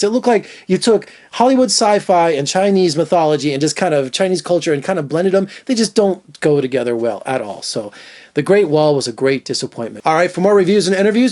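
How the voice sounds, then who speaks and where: Guy reviewing a movie, kinda high voice, rambly and opinionated, lots of "you know". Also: darkish tone. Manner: chatty and opinionated, many fillers and restarts. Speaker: film critic. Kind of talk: casual spoken movie review.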